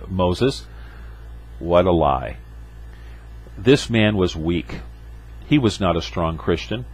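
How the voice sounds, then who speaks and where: Man, pastor, husky low voice, emphatic sermon delivery. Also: expressive, slow, long pauses, low-quality recording. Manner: emphatic preaching with rhetorical asides.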